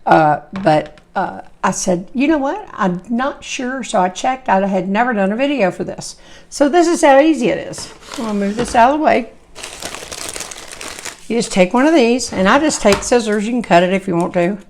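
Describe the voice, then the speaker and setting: A woman, chatty and folksy, hosting a home cooking video while hoarse, her voice coming and going. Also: medium pitch, animated, normal speed, a little mellow, slight background noise. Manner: chatty, folksy, rambling asides. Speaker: cooking channel host. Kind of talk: casual cooking demonstration.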